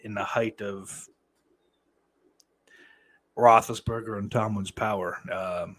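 An American man hosts a casual livestream, reading chat aloud and rambling with lots of fillers, cursing, and mock outbursts. His voice is fairly low and fairly bright in tone, with fairly even intonation and a slow pace.

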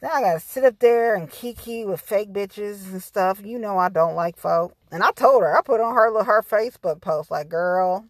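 A woman's voice: mid-range voice, normal speed, hardly any pauses, no echo. A woman hosting her own podcast, talking candidly and profanely straight to her listeners in a casual monologue. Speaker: podcast host.

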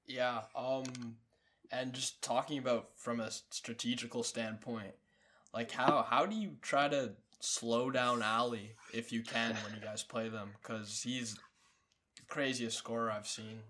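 A man quietly asking a question in a podcast interview. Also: mid-range voice, steady tone, unhurried, slight background noise.

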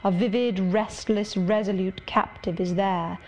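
A woman reading the part of a brooding, sardonic middle-aged gentleman in an audiobook, speaking in a measured, wry, confiding way. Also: medium pitch, steady tone, slight background noise, lightly acted. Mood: musing.

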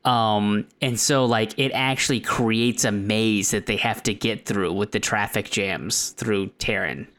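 A man co-hosting a casual comedic movie discussion, pitching ideas quickly and excitedly. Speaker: podcast co-host.

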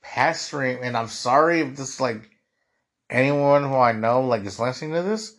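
A man's voice: medium pitch, normal speed, a bit bright. A young man hosting a podcast, talking through his frustrations in a rambling, casual monologue full of "dude" and "like.". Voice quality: husky. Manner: rambling, repeats "dude" and "like" often. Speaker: podcast host.

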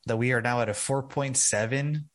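A man co-hosting a casual podcast, loud and laughing, swearing freely as he talks. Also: mid-range voice, normal speed. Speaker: podcast co-host. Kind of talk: casual chat.

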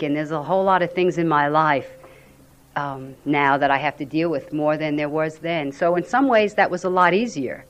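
A woman with a fairly low voice tells her personal recovery story at a meeting, recounting it animatedly and acting out what people said.

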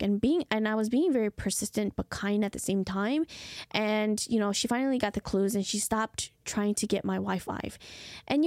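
A woman's voice: medium pitch, darkish tone, dry recording, clean studio sound. A young woman hosting a travel podcast, telling a story in a casual, chatty way full of "like" and "you guys".

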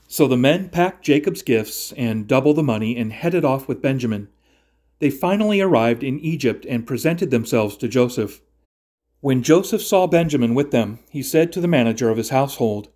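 A man narrating a Bible story in a steady, even reading voice. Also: medium pitch, moderate pace. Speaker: scripture reader.

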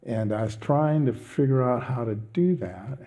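Animated storytelling man, mellow voice. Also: mid-range voice, unhurried. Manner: animated storytelling, self-mocking humor. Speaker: pastor. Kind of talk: personal testimony from the pulpit.

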